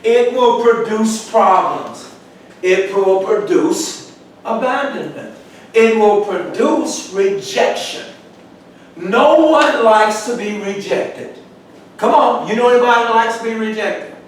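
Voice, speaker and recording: Bible study teacher, man, very high voice, far from the mic in a booming hall, asks the class questions. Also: slow pace. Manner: asks questions for the group to answer, sudden emphatic outbursts. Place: church room. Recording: echoey church room from far off, faint noise.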